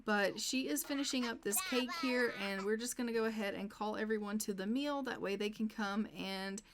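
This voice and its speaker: Woman, chatty gameplay narrator, mid-pitched voice, faint background noise. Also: moderate pace. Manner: chatty, talks to her game characters. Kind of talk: casual let's-play commentary.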